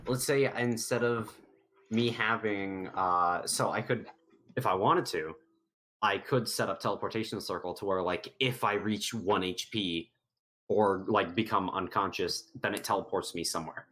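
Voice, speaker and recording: A man's voice: fairly low pitch, normal speed, a bit bright, a little hiss or hum. A man playing a tabletop game, explaining his plans while thinking aloud with stumbling restarts. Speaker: player.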